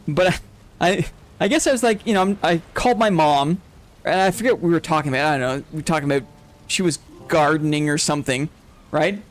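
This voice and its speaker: Male streamer, high voice, rambling casual chat, laughs a lot. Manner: rambling, self-interrupting, laughs often. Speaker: streamer host. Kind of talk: casual chat while gaming, reading chat.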